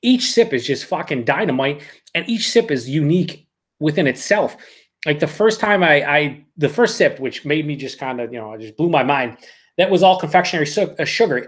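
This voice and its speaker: Excited, swearing man reviewing beer. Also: a little high. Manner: excited, profane and rambling; reads viewer comments aloud. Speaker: beer reviewer hosting a live stream. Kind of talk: casual live-stream rant.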